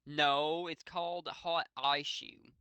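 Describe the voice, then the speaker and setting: A secretive, moody teenage goth boy, read out by an Australian man. He mutters in a mock-brooding, deadpan way, and the voice sounds bright and crisp. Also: on the high side, takes it slowly, dry recording, pitched above the performer's own voice.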